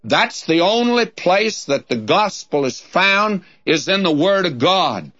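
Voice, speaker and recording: A man's voice: sits high, big pitch swings, slow pace, a bit bright. A man teaching the Bible on a taped radio program, reading scripture aloud in King James cadence and calling his listeners friend in a folksy way. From Southern California. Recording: dull lo-fi tape recording.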